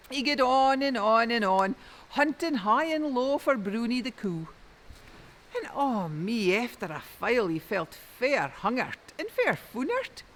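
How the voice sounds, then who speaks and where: A woman with a Doric Scots accent telling a traditional folk tale in rich dialect, lilting and expressive. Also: mid-range voice. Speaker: storyteller. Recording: long reverb.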